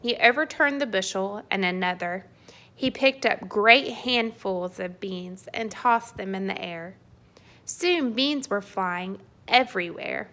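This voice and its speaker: A woman narrating a children's storybook in a slow, unhurried way. Her tone is bright and clear, and her delivery is playful and expressive. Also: mid-range voice. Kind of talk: children's storybook read-aloud.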